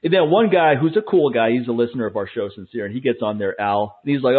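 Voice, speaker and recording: Male podcast host, brash and profane, rapid husky delivery on a tinny lo-fi line. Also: medium pitch, expressive. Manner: brash, profane, laughs often. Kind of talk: casual chat. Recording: tinny phone-like lo-fi.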